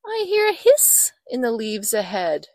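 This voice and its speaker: A woman voicing a big, hungry storybook monster in a lowered, drawn-out voice. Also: huge pitch swings, darkish tone, heavily acted. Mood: menacing.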